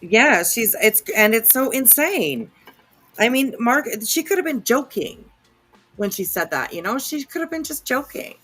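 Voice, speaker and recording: A woman's voice: on the high side, animated, measured pace, fairly bright tone, slightly rough, faint music behind. Blunt, indignant woman podcast host. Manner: blunt, indignant, swears freely. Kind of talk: reaction commentary on a played clip.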